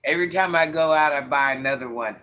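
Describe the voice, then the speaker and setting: A man talking casually to camera, gushing and swooning, sometimes dropping soft and low as he muses. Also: fast talker. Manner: gushing, dreamy, swooning over things he loves.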